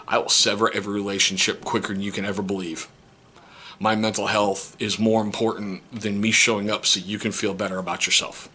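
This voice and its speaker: A middle-aged step-parent vlogger, angry and holding himself back, talking through a painful family situation in a personal monologue. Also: male voice, fairly low pitch, slight background noise. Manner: seething, restrained, voice cracking into sharp outbursts.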